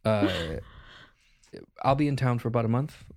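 A man playing in a tabletop game, excitable, swearing and cooing at creatures. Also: mid-range voice, moderate pace. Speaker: player. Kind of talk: tabletop role-play chat.

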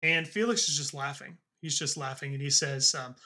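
A man narrating as game master of a tabletop game, halting with frequent ums and uhs. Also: a little high, bright, forceful tone.

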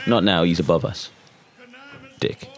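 A man's voice: normal speed, a little mellow. A man co-hosting a podcast in crude casual banter, joking and swearing freely. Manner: jokey, swears freely, slips into squeaky silly voices. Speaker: podcast co-host. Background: music.

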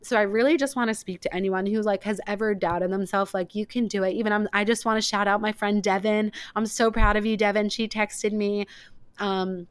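A woman's voice: mid-range voice, fairly even intonation, a little fast, clean tone, dry recording. A young woman hosting a podcast in casual chat, rambling and emotional, with lots of filler words. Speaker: podcast host.

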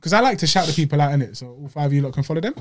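A young man co-hosting a podcast, telling stories in casual slang and getting louder as he gets riled up. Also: fairly high pitch, very fast, slight background noise. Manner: animated storytelling with slang, voices rising when riled. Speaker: podcast co-host. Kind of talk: casual chat. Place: small home studio.

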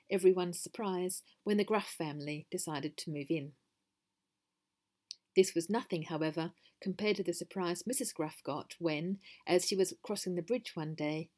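A woman's voice: fairly low pitch, darkish tone. A woman hosting a podcast, narrating her own story in a wry, conversational way.

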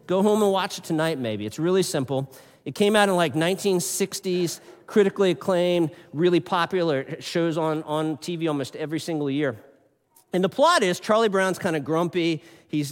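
A man preaching a sermon as pastor, telling a story in a loose, conversational way and turning often to the children in the congregation. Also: fairly high pitch. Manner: conversational, animated storytelling with quick asides to kids. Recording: long hall reverb.

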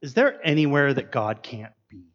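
A man's voice: medium pitch, sing-song, moderate pace, a bit bright, highs cut off. A man preaching a sermon, earnest and asking his listeners many questions. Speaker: pastor.

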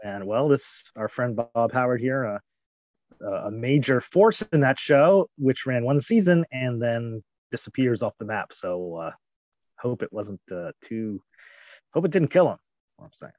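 A man co-hosts a podcast in a relaxed, rambling way, working his thoughts out as he speaks. His mid-range voice is recorded dry, with a slightly dull, lo-fi edge. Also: medium pitch, measured pace, no echo. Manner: rambling, thinks aloud. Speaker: podcast co-host. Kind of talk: casual chat.

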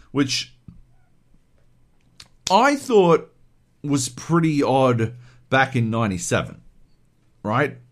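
A man co-hosting a podcast, ranting animatedly and swearing a lot in casual chat. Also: a little high. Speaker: podcast co-host.

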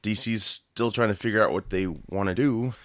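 Young man, low voice, dry close sound, casual podcast co-host, laughs a lot. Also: normal speed, no echo. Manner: laughs often, animated when joking. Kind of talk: casual chat.

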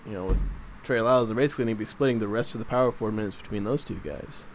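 A man's voice: lowish voice, rapid-fire, a little hiss or hum. A man in casual sports chat, rambling and mildly exasperated as he makes his points.

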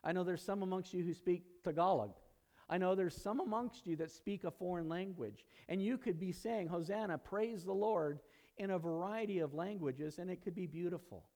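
A man with a fairly high voice preaches to his congregation in a church. He teaches in a relaxed, conversational way with asides, and his voice climbs higher and louder when he gets excited. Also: fairly quick. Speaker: pastor. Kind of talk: sermon. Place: church sanctuary.

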